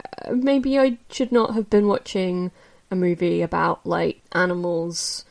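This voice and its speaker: A woman casually reviewing films she watched, candid and chatty, with many fillers and restarts, jumping up in pitch when she gets opinionated. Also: fairly even intonation, unhurried, gravelly, darkish tone. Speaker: film reviewer. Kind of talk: casual spoken film review.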